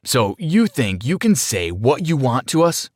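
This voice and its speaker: A man's voice: mid-range voice, very animated, a little slow, dry recording, studio quality. A man voicing a cocky teenage bully in a juvenile detention center, talking in a taunting, swaggering way.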